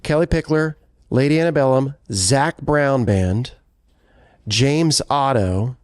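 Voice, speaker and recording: A man's voice: mid-range voice, slow pace, no room sound, clean studio sound. A man co-hosting a podcast in casual chat, rambling and correcting himself as he talks. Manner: rambling, self-correcting, chatty. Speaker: podcast co-host, country singer.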